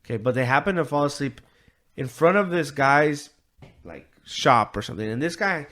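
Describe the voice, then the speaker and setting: Here a man co-hosting a podcast retells a story at normal speed, with lively intonation and a fairly bright, medium-pitched voice. It's casual, profane and meandering, stuffed with fillers and quoted voices.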